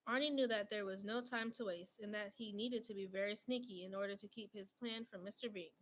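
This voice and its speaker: A woman reading a children's picture book aloud in a gentle storytelling manner. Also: medium pitch, steady tone, a little fast, rough recording. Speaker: storybook reader.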